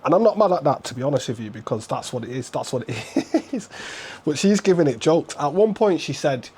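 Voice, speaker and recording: A man's voice: on the high side, lively intonation, fairly quick, few pauses, warm tone, husky. A man, hosting casual reaction commentary in a laid-back, slangy way. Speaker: commentary host.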